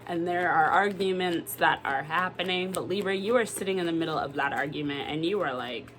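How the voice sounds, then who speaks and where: A woman doing a casual tarot reading to camera, animated and exclamatory, swearing freely. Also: fairly low pitch, fairly quick. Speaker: tarot reader.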